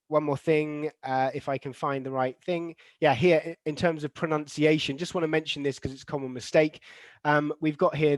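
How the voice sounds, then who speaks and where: A man with a fairly high voice runs an online lesson for teachers, reading out chat replies, putting questions to the class, and speaking example sentences to demonstrate word stress. He uses lots of fillers and restarts and models the stress patterns aloud. The recording has no echo.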